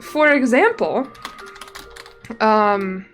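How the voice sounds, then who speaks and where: A woman's voice: fairly high pitch, expressive, extremely slow, fairly bright tone. Chatty young woman streamer, rambling. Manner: rambling, chatty, lots of fillers and self-corrections. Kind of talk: casual live-stream chat. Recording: faint music behind.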